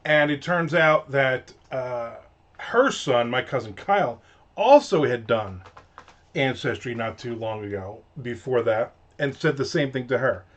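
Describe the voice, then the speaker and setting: A man's voice: medium pitch, expressive, measured pace, highs cut off. A man in his fifties chatting casually on a live stream, telling a rambling, joking story. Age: 50s. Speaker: author streaming a live writing session.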